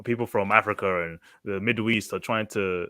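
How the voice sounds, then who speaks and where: A man's voice: on the low side, fairly even intonation, fairly quick, pushed and bright, clean tone, dry recording, studio quality. A man co-hosting a podcast, talking casually and thinking aloud with restarts and fillers. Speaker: podcast co-host. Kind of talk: casual group chat.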